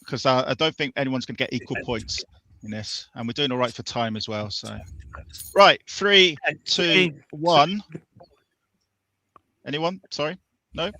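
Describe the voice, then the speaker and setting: A man's voice: mid-range voice, measured pace, long pauses, sharp tone. A man hosting a live-stream retro gaming quiz, upbeat and jokey as he runs the rounds. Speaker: host.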